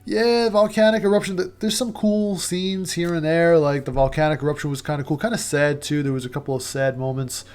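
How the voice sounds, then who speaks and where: A man's voice: fairly high pitch, fairly even intonation, brisk, few pauses, darkish tone. A man reviewing a movie in a casual, opinionated rant, swearing, sarcastic and full of fillers. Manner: profane, sarcastic, rambling with many fillers.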